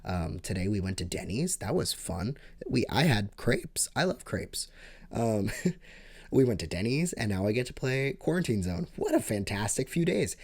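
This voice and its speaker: A young man telling a rambling storytime monologue to his vlog, excitable, with sudden leaps up in pitch and loudness. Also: normal speed, gravelly, breathy edge. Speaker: vlogger.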